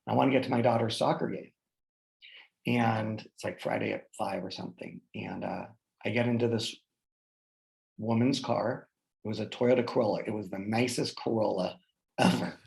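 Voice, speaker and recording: A man in his forties, a guest speaker, telling a personal story in an animated way with many fillers and restarts. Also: on the low side, moderate pace, vocal fry, reverberant, low-quality recording. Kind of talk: personal storytelling in a group talk.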